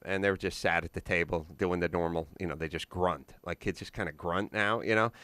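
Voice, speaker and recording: A man's voice: deep voice, fairly even intonation, a little fast, sharp tone, no room sound. A middle-aged man with a Southern Californian accent, hosting a podcast and telling comic stories in casual chat, acting out both sides of each conversation. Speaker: podcast host. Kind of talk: casual comedic storytelling. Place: podcast studio.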